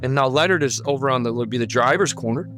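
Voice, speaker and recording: A man's voice: mid-range voice, fast talker, a bit bright, soft background music. A man telling his own near-death story in an earnest, vivid and emphatic way. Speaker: guest sharing a near-death testimony. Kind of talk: personal testimony storytelling.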